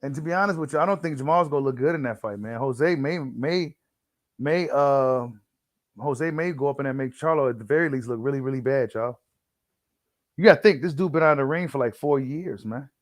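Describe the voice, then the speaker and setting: A man's voice: mid-range voice, brisk, dry recording, clean studio sound. A man hosting a casual boxing commentary, slangy and full of fillers, who repeats himself and reads an article aloud to his viewers. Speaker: boxing channel host.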